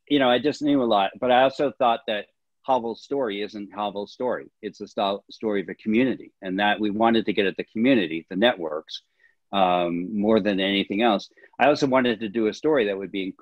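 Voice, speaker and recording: A man with a very low voice explains his filmmaking choices as a director and historian, earnest and thorough. The sound is dry and dull, like a lo-fi call. He speaks in plain conversational sentences. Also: moderate pace, dry recording. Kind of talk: casual interview answers.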